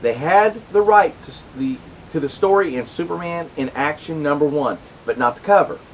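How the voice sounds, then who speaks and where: A man's voice: on the high side, normal speed, slight background noise, poor audio. A middle-aged man hosting a comics show, rambling through casual commentary with lots of asides and restarts.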